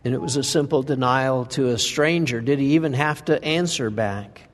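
A man's voice: mid-range voice, normal speed. A man preaching a conversational sermon in a church, reading scripture and asking the listeners frequent rhetorical questions. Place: church sanctuary. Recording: reverberant hall sound.

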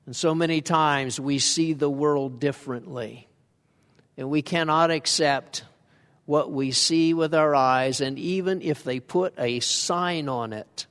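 Conversational male preacher in a reverberant church. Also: on the high side. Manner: conversational, asks the congregation questions. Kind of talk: sermon. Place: church sanctuary.

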